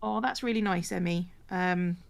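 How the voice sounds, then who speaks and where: A woman's voice: fairly low pitch, normal speed, gravelly, slight background noise. A woman co-hosting a craft livestream, chatting while she sews, often repeating words and thanking viewers by name. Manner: reads out viewer names and thanks them. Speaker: streamer co-host. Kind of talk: casual livestream chat.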